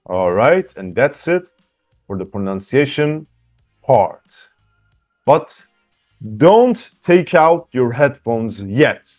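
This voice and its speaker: A man's voice: medium pitch, very animated, darkish tone, faint music behind. A man teaching English, going through workbook answers and encouraging learners. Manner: encouraging, reads answers aloud slowly.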